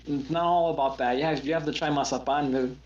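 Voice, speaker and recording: Chill guy, kinda high voice, talking over muffled echoey audio. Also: steady tone, fast talker, a little mellow. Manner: laid-back, repeats himself. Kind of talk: casual chat.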